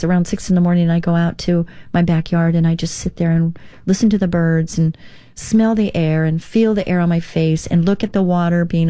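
A middle-aged woman hosts a devotional radio show in a low, warm, mellow voice. She talks earnestly and encouragingly, slowing down when she reads scripture. The sound is close and dry, as on a studio microphone. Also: no room sound. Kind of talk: devotional talk show monologue.

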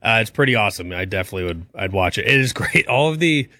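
A man with a bright, forceful voice chats casually on a talk show. The studio sound is dry and close. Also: lowish voice, animated, fast, dry recording.

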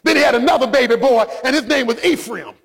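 A male preacher delivering an impassioned sermon that often rises to shouting. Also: extremely high pitch, expressive, fast, vocal fry, slightly rough.

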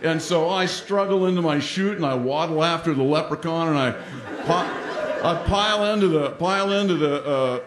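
A man telling a funny personal story on stage, animated and self-mocking, acting out the lines of the people in it. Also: fairly high pitch, moderate pace. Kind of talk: live comic storytelling. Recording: roomy hall with audience laughter.

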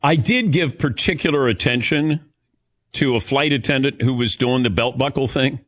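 A man's voice: medium pitch, moderate pace, dry recording, clean studio sound. A man hosting a casual chat show, telling stories animatedly and calling on his co-hosts. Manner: animated storyteller, calls on co-hosts. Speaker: host.

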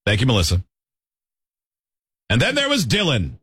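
A man's voice: medium pitch, huge pitch swings, normal speed, a bit bright, breathy edge, no room sound. Wry male radio co-host. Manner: wry, teasing. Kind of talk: casual radio game banter.

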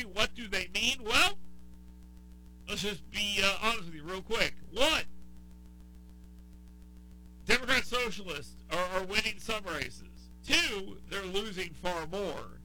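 A man from the American South hosting a talk radio show in casual chat. He rants with exasperation and circles back to the same point. His voice is high and bright with real edge. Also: a little slow, a little hiss or hum, poor audio. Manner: exasperated ranting with repetition.

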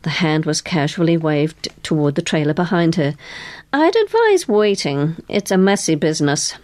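A woman's voice: low-pitched, very animated, moderate pace, a little mellow. A woman narrator voicing a brassy, friendly, gossipy young woman in a raised voice.

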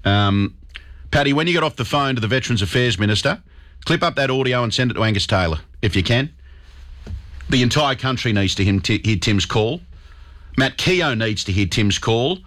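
A man's voice: mid-range voice, animated, moderate pace, fairly bright tone. An Australian man hosting talkback radio, speaking emphatically and with indignation as he takes callers.

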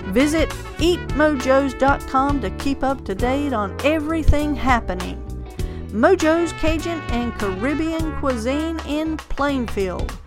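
A woman reads a scripted radio ad in a smooth, unhurried promo voice pitched high. A clear music bed plays beneath her. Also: lively intonation. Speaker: ad announcer.

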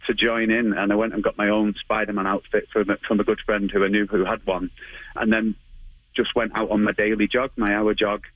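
Brief: Manchester-accented man, thirties, fairly low voice, chatty and halting, dry close sound. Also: little pitch movement, fairly bright tone, no echo, rough recording. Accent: Manchester area English. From England. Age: 30s. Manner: chatty, hesitant with many ums, laughs often. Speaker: guest, martial arts instructor. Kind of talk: radio interview answers.

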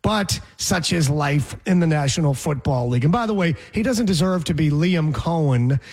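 Husky, playful sports-talk man. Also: a little high, lively intonation, moderate pace, a little mellow. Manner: playful, mimics voices and drawls words for effect. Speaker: sports radio host.

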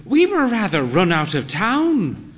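A frail, proud old lady with eccentric grandeur, as a male narrator puts her on, her voice lifted far up into a quavering falsetto. She draws out her words slowly and theatrically, swooping high on every exclamation. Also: wildly swooping pitch, fairly bright tone, exaggerated voice. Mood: grandly dramatic.

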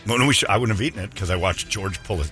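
A man's voice: lowish voice, racing, sharp tone, soft background music. A man hosting a radio show, telling a long rambling story in a casual, anecdotal way with restarts and asides.

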